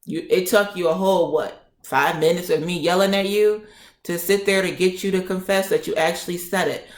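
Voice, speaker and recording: A woman in her twenties telling a personal story in a feisty, animated way. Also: on the low side, normal speed. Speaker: vlogger. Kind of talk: casual storytime. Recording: roomy echo.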